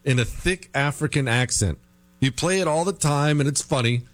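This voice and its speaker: A man hosting a talk radio show, reading listener mail and a sponsor ad in an animated way. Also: moderate pace, dry recording. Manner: animated, mocking high voice when quoting listeners. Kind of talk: talk radio with live ad read.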